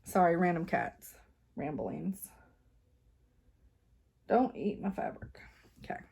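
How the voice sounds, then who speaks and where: Woman, casual home craft vlogger, low-ish voice, chatty and rambling, laughs a lot. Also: animated, slow pace, gravelly, warm tone, slightly rough, lo-fi sound. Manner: rambling, laughs often, many fillers. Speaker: cross-stitch vlogger.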